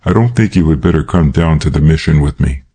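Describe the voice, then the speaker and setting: A troubled, hesitant young woman in a classic crime audiobook, as a male narrator puts her on. The voice sits a little above his own but stays low and dark, with a husky grain. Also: lively intonation, fairly quick, exaggerated voice. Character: young woman, torn and anxious.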